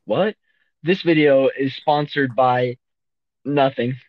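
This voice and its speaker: A man's voice: medium pitch, takes it slowly, no room sound. A man co-hosting a casual podcast, joking around with random bits and silly asides. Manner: jokey, random bits, sings silly tunes. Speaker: podcast co-host. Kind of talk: goofy casual chat. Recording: dull, dry lo-fi sound.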